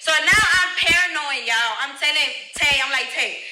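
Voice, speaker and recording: A woman's voice: high voice, normal speed, pushed and bright, roomy sound, rough recording. A young woman and mother bluntly telling her own story to viewers, emotional and swearing, talking straight to the audience. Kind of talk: candid personal storytelling to viewers.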